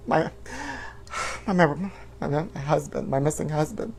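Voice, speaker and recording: A man hosting a live-stream chat show, campy and flamboyant, calling viewers honey and letting out shrill woos. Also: fairly even intonation, measured pace, vocal fry, pauses often, husky. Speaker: host.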